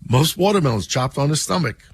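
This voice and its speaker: Husky co-host telling stories. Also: male voice, a little high, animated, a little fast. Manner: storytelling, playful voices in anecdotes. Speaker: radio co-host. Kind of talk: casual radio banter, joke telling.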